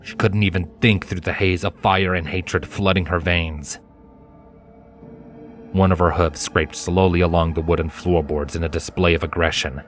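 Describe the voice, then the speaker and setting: A man reading fan fiction aloud in a measured, dramatic narration. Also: sits low, fairly even intonation. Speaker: fanfiction reader. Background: faint background music.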